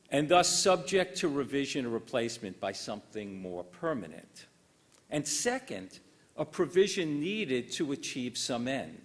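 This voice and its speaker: Older male lecturer, animated pitch, dry wit, formal and measured delivery. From United States. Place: lecture hall.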